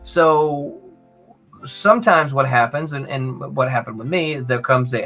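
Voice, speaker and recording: Soft music plays under a man with a mid-range voice who takes his time. In a chatty storytelling interview, he recalls his years as a comics editor, animatedly impersonating the people he quotes and tagging on "right?" again and again.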